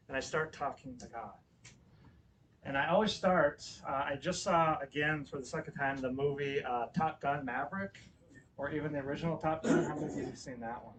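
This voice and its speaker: A man about fifty telling a personal story in a sermon, animated, swinging between loud exclamations and quiet asides. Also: on the high side, recorded from a distance, slight background noise, poor audio. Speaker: guest speaker at a spiritual center. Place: church hall.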